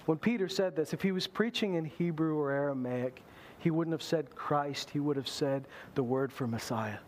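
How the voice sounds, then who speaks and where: A male pastor preaching a sermon in an animated way, acting out the voices he quotes. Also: a little high, normal speed, slight background noise.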